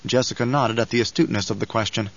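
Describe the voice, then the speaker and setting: A man narrating a novel as an audiobook in an even, measured storytelling voice. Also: medium pitch, vocal fry, dull audio. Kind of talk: scripted narration.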